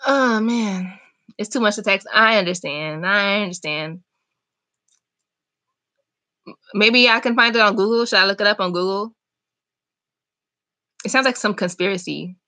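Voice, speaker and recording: A young woman chatting casually on a live stream, reading and answering viewer comments in an animated, talkative way. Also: medium pitch, unhurried, pauses often. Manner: chatty, animated, talks back to chat comments. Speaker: vlogger hosting a live chat.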